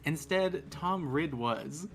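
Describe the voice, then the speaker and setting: A speaker reads a silly fanfic aloud for a livestream. The delivery is deadpan and has a middle pitch. Faint music plays behind. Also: takes it slowly. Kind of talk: comic reading aloud with asides.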